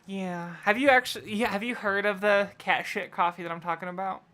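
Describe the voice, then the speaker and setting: A young woman narrating as game master in a casual tabletop game, with halting, laughing delivery. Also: mid-range voice, fairly even intonation, fairly bright tone.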